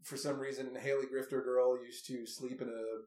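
A man's voice: mid-range voice, level tone, moderate pace, darkish tone. A man casually recapping a movie with a co-host, wry and amused, with lots of asides. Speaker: podcast co-host. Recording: roomy echoey room.

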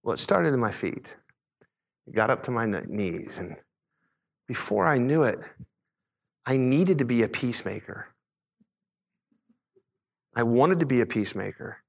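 A middle-aged man preaching a sermon, a pastor telling a personal story in a conversational, animated way. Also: vocal fry, big-room sound. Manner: conversational preaching, animated retelling with quick pitch swings.

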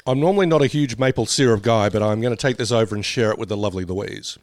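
A man's voice: fairly low pitch, fast, dry recording, clean studio sound. A man, co-hosting a snack taste test, joking around as he eats. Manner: jokey, playful, talks with mouth full. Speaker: co-host.

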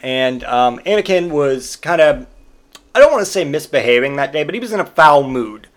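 A man's voice: fairly high pitch, animated, moderate pace. A father telling crude, jokey anecdotes in a rambling, casual storytelling monologue.

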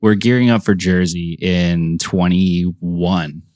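Here is a young man with a very low voice, recorded close and dry with no room sound. He is a podcast guest who tells his stories with lots of energy and laughs often as he talks. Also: slow, dry recording. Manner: animated storyteller, laughs often. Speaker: pro drift driver, podcast guest. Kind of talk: casual interview chat.

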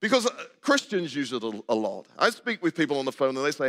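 A man's voice: mid-range voice, lively intonation, fast talker, a bit bright. Older man preaching in a reverberant church. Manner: conversational, asks the congregation questions and jokes. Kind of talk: sermon. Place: church sanctuary. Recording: long hall reverb.

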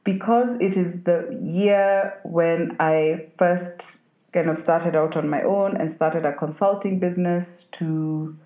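Woman on a tinny, echoey call line. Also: fairly low pitch. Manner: reflective, emotional, tearful at moments. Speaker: podcast guest. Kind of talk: casual interview conversation.

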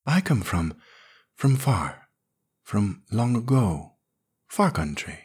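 A man voicing a strange feline alien woman who speaks in soft, broken, halting phrases. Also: lowish voice, big pitch swings, husky, exaggerated voice. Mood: hushed halting. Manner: broken halting speech, hushed.

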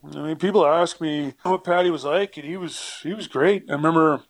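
Gravelly-voiced former hockey player telling stories. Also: male voice, fairly high pitch, steady tone, fairly quick, no room sound. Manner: rambling, full of fillers, acts out quotes. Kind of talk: casual storytelling interview.

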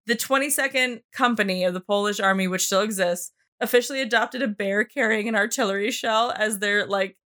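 A woman hosting a podcast, telling a history story in a casual, animated way, with lots of fillers and some swearing. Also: mid-range voice, a little fast, few pauses.

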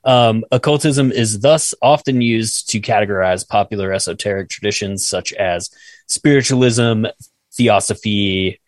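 A man's voice: fairly low pitch, unhurried, dry recording, clean studio sound. A man co-hosting a casual podcast, reading his notes aloud, stumbling over French words, swearing and laughing at himself. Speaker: podcast co-host reading research.

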